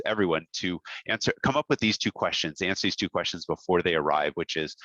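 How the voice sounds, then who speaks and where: A man with a low, bright-edged voice and a dry, close sound. He talks like a camp owner on a podcast, relaxed and thoughtful, often breaking into a laugh. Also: no echo, highs cut off. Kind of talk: casual podcast conversation.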